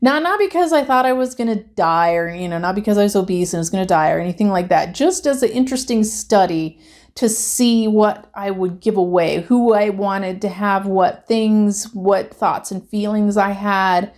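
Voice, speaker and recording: A woman's voice: mid-range voice, normal speed, darkish tone. A woman reviewing a reality TV episode in a casual, chatty way. She grows emphatic and heated as she rants.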